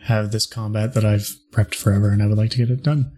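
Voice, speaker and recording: Game master, male, low-ish voice, flat easygoing narration. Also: fast talker. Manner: relaxed, self-described monotone narration. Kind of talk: running a tabletop game over a call.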